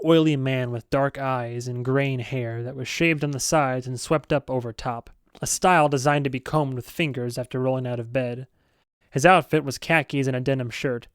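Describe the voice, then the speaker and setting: Dude reading a novel out loud, steady, middle pitch, dead dry close mic. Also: male voice, clear, resonant tone, no room sound. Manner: steady reading with self-aware asides. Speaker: audiobook reader. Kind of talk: audiobook narration.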